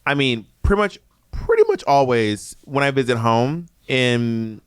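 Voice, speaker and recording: Animated, lively-voiced man from Atlanta. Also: mid-range voice, measured pace, clear, resonant tone, no room sound, studio quality. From Atlanta, USA. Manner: animated, teasing storyteller with playful mock quotes. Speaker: podcast co-host. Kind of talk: casual podcast chat.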